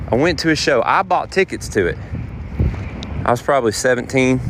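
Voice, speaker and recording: A man, a touring guitar player, telling road stories in a rambling, animated way while walking outdoors. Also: mid-range voice. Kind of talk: casual vlog storytelling. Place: outdoors on city streets. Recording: outdoor street noise and wind.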